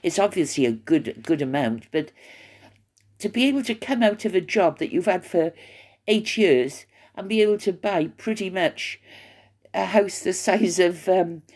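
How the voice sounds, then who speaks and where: A woman's voice: lowish voice, lively intonation, a little slow, darkish tone. An older woman vlogging from her retirement home, chatting in a rambling, gossipy way with many fillers. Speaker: YouTuber. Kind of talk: casual chat to camera.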